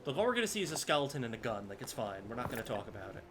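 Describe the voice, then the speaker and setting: A man's voice: medium pitch, very animated, very fast, background noise. A man streaming a game live, chatting casually and scattered with viewers, swearing now and then. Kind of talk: casual gameplay commentary. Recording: music playing behind.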